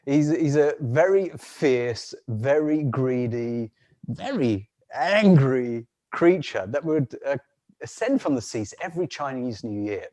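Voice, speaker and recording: A man telling a folk tale on a video call in an unhurried way, with frequent restarts and soft laughs. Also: medium pitch, animated. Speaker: storyteller.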